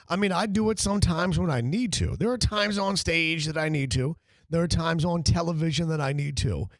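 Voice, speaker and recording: A man's voice: a little high, fairly quick, no room sound. A man hosting a sports talk radio show in a studio, riffing and teasing his co-hosts. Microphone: studio microphone.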